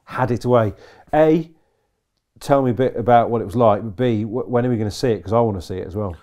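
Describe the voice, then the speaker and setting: A man's voice: mid-range voice, quick pace, mellow. A man from England hosting a podcast, asking eager questions in casual chat and chipping in short replies. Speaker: podcast host.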